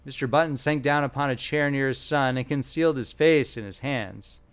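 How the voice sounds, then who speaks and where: A man's voice: mid-range voice, normal speed, clean tone. A man narrating a classic short story as an audiobook, telling it expressively.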